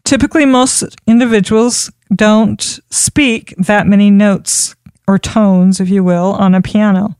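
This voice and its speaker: A woman giving an instructional talk on public speaking, expressive and demonstrating pitch changes as she teaches. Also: a little slow, clear, resonant tone, no room sound, clean studio sound. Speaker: speaking coach.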